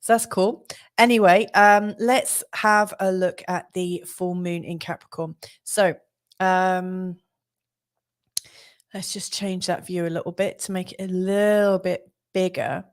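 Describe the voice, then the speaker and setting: A woman's voice: fairly low pitch, fairly even intonation, a little slow. Chatty woman hosting a live stream. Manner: chatty, many fillers, laughs often. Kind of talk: casual live-stream chat. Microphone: studio mic.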